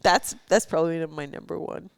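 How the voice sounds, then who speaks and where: A woman's voice: low voice, steady tone, moderate pace, gravelly, no echo. A woman chatting as a podcast guest, often laughing at her own jokes. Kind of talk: casual chat.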